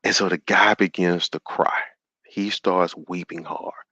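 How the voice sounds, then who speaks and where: A man hosting a call-in show, retelling a story in an animated, sermon-like way and acting out the quotes. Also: low-pitched, measured pace, husky, no echo, lo-fi sound.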